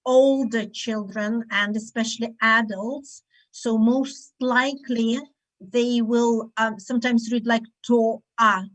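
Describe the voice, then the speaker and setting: Slow, demonstrative woman teaching phonics. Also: on the high side, steady tone, a bit bright, low-quality recording. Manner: slow, demonstrative, acts out sounds. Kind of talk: online teaching webinar. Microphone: video call.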